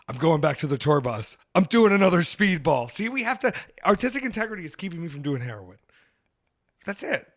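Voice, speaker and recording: A man hosting a podcast, chatting in a rambling comedic way and jumping into loud high outbursts. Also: very animated, a little fast. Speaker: podcast host. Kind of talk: casual comedic chat.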